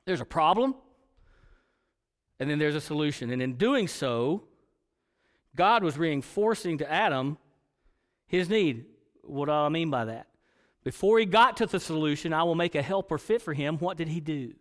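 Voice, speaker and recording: A man's voice: a little high, expressive, moderate pace, pauses often. A man preaching a sermon to a congregation, reading scripture and building to emphatic points. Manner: preaching with rising emphatic passages. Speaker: pastor. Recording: long hall reverb.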